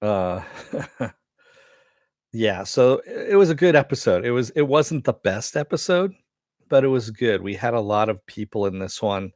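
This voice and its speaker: A man's voice: lowish voice, lively intonation, moderate pace, darkish tone, no echo, clean studio sound. A man giving a casual, rambling episode review, laughing often and swearing.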